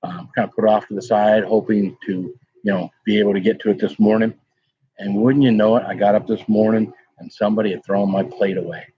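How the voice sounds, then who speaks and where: A man with a lowish, slightly rough voice talks briskly in a fairly even tone, hosting a casual pepper-tasting livestream where he rambles and greets chat viewers by name. The audio sounds dull and lo-fi.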